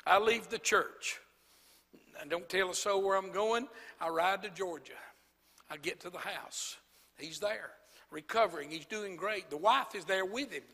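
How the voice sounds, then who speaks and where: Male pastor, high squeaky voice with a bright edge, preaching in a reverberant church hall. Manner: swings from quiet storytelling to shouted preaching. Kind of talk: sermon. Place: church sanctuary.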